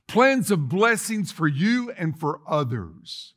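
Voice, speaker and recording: A man preaching a sermon as lead pastor in a church, swinging from loud declarations to soft asides. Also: sits high, big pitch swings, slow, hardly any pauses. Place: church sanctuary.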